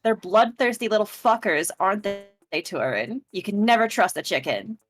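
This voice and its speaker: A woman's voice: mid-range voice, animated, moderate pace, soft background music, close to an everyday voice. A woman voicing a small, ruthless young woman who adores chickens, gleeful and crude as she reads game dialogue aloud.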